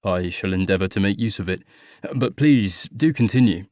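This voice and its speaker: A composed, unfailingly courteous gentleman who speaks in measured, formal phrases, as read by a male audiobook narrator. His voice sits a little lower than the narration, recorded close and dry. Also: dry recording, lightly acted. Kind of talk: audiobook character voice.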